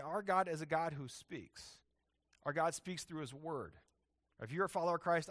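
A man's voice: a little high, a bit bright. A man preaching a sermon as the pastor, talking in a conversational way and often checking in with "right?".

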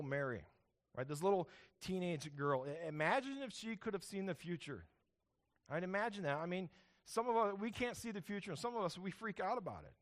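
A man delivering a sermon from the pulpit, his voice sitting a touch high for a man. He preaches emphatically, stacking up phrases in rhythmic repeated lists and pausing to quiz the congregation for answers. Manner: emphatic preaching with call-and-response questions. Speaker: pastor who planted the church.

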